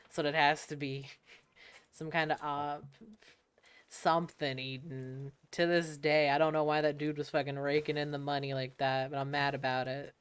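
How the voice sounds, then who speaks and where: A woman's voice: sits low, flat delivery, normal speed, clean tone, dry recording. A young woman from the United States, streaming a game and casually telling stories, laughing and swearing as she acts out other people. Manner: laid-back, swears freely, laughs often, acts out quoted people. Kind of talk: casual storytelling while gaming.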